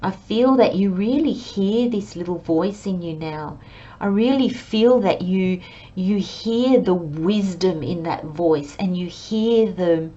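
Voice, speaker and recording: A woman giving a pick-a-card tarot reading, speaking gently and reflectively and addressing her viewers as friends. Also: on the low side, muffled recording. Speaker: tarot reader.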